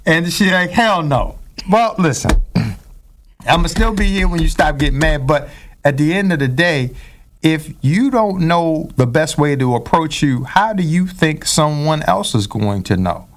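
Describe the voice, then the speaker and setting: A man's voice: on the high side, lively intonation, unhurried. A man, talking playfully in casual conversation, fond of elaborate phrasing. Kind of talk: casual talk.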